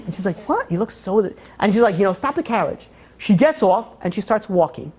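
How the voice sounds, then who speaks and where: A woman tells a moral tale in a rapid, conversational flow and leans on "he's like" to act out each character's lines. Her voice sits at an ordinary middle pitch. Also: slightly rough. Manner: animated retelling, acting out quoted lines with "he's like". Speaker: storyteller in a Torah class. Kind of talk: casual spoken storytelling.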